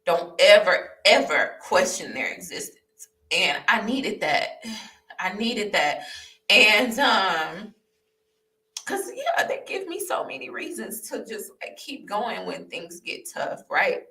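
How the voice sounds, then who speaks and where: A woman's voice: a little high, measured pace. A young woman vlogging her personal testimony, telling the story candidly and animatedly, repeating herself and laughing. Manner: animated, repetitive, laughing as she recounts. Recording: roomy echo, voice a bit far from the mic.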